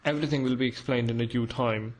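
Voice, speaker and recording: Stern official, curt and emphatic, read by a man, even flat tone; storybook reading. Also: mid-range voice, fast, a little hiss or hum, lightly acted, rough recording.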